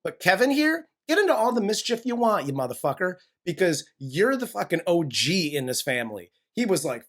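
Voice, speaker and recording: A man co-hosts a casual movie review podcast in a heated, profane way. His voice is lively, rising and falling as he rants. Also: high voice, brisk, hardly any pauses. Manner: heated, profane, laughs often.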